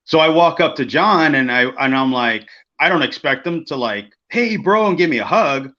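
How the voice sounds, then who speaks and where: A man's voice: mid-range voice, normal speed. A man co-hosting a podcast, telling a backstage story casually and acting out the people in it. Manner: animated, acts out quoted people, swears freely. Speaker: podcast co-host, former wrestler. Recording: dull lo-fi podcast audio.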